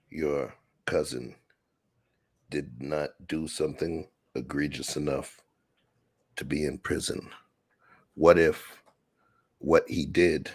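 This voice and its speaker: A man's voice: extremely low pitch, breathy edge. A man on a discussion panel asking probing questions, emphatic and swearing. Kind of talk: casual discussion.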